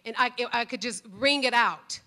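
A woman giving an emotional church testimony, fervent and rising to loud praise. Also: a little high, normal speed.

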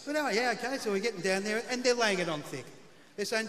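A man's voice: high voice, animated, fast talker, a bit bright. A middle-aged Australian man telling a comic story on stage in a laconic, punchline-driven way, heard in a large live studio. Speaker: comedian. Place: large live television stage before an audience. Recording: long hall reverb, faint crowd noise.

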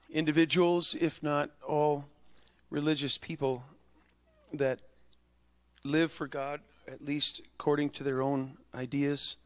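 A man pastor preaching a sermon, building from calm teaching to impassioned, high-pitched climaxes.

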